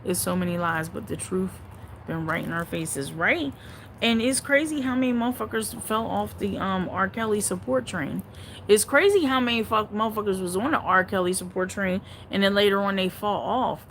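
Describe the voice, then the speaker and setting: A woman's voice: normal speed, a little hiss or hum, rough recording. Blunt, profane woman hosting a livestream. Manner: blunt and heavily profane, reacting aloud to chat comments; swings from low muttering to loud exclaiming. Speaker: livestream host reading viewer chat. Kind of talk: casual livestream chat.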